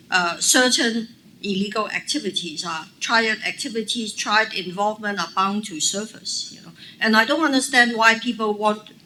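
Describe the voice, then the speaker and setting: A woman, a legislator answering audience questions at a panel, assertive and quick to fire back rhetorical questions. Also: medium pitch, sharp tone, a little hiss or hum, rough recording. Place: press club event room.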